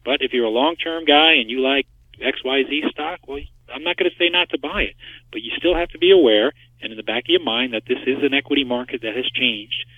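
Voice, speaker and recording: A man's voice: medium pitch, brisk, no room sound. A man being interviewed by phone as a market expert, talking emphatically and driving his points home with rhetorical questions. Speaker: market structure expert guest. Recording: tinny phone line, dry.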